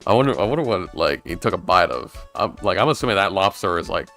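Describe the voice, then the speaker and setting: A man's voice: sits low, very animated, quick pace, a bit bright, faint music behind. A man streaming a video game, commenting casually and rambling with lots of filler words.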